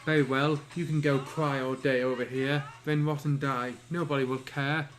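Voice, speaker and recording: A man's voice: medium pitch, level tone, normal speed, faint music behind, natural voice. A man voicing a cold, scornful female warrior who scolds harshly, in a fan audiobook reading.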